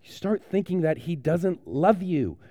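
A man's voice: sits high, very animated, measured pace, mellow, no room sound, studio quality. A man, a pastor giving a playful, joking children's sermon in a conversational way.

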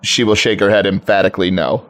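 A man's voice: deep voice, fairly even intonation, quick pace, a bit bright. A man playing a tabletop game, casually narrating what his silent character does in third person. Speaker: player. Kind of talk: narrating a mute character's actions.

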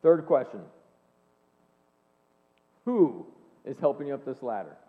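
A man in his forties giving an earnest, animated faith-based talk, telling personal stories to an audience in a large hall. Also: mid-range voice, unhurried. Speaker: speaker and leadership coach. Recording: long hall reverb, phone-like band.

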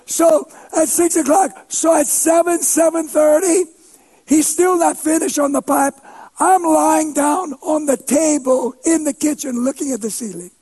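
A preacher telling a story in a sermon, animated and funny, breaking into shouts for emphasis and poking fun at himself. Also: male voice, extremely high pitch, unhurried. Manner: animated, shouts for emphasis, playful self-mocking humor.

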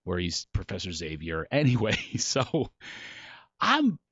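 A man from Philadelphia, a comedian guest, telling comic stories in a casual chat with animated, self-mocking energy. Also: sits low, unhurried, dry recording, dull audio.

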